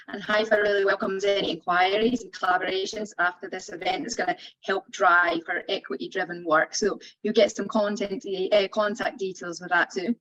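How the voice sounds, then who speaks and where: A woman on a video call giving a brisk, organised rundown of resources. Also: medium pitch, fairly bright tone. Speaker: resource coordinator. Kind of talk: briefing on resources. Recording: dull video call audio.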